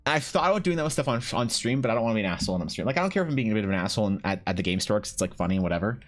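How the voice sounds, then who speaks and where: A man's voice: lowish voice, animated, very fast. A man streaming and chatting casually, rambling and swearing with lots of restarts. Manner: rambling and profane, many restarts. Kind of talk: casual chat while drawing on stream.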